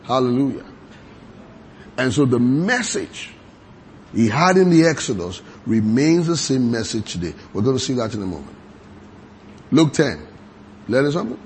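A man preaching a sermon, reading scripture aloud slowly and quizzing his congregation with repeated questions. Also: mid-range voice, very animated, darkish tone, a little hiss or hum.

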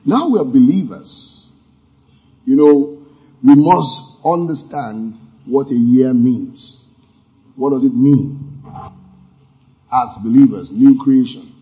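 A man's voice: mid-range voice, dark tone. A man preaching a sermon as pastor, emphatic, with asides and acted-out sound effects. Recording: muffled lo-fi sermon audio.

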